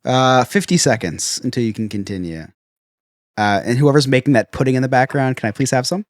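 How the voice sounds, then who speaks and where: A chatty man in his thirties hosts a relaxed podcast, tripping over his words and restarting sentences. His voice sits at an ordinary middle pitch. The sound is dry and close, with no room around it. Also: a little fast, no echo. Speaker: podcast host. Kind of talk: casual podcast chat.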